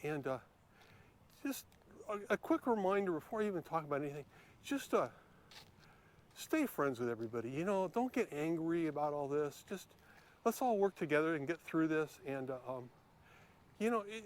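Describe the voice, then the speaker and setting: Man, slightly higher voice, casual rambling vlog, lots of ums and restarts, outdoors by a lake, handheld camera. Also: sing-song, normal speed. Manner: rambling, hesitant, many fillers and restarts. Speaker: YouTube vlogger. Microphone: handheld camera while filming.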